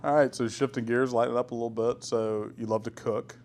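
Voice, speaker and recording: A man hosting a podcast, asking friendly questions in relaxed casual chat and laughing easily. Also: medium pitch, fairly quick. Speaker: podcast host.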